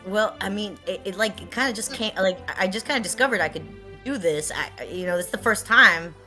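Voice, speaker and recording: Bright, sheepish woman player. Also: medium pitch, a little fast, soft background music. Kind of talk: playing a tabletop game in character.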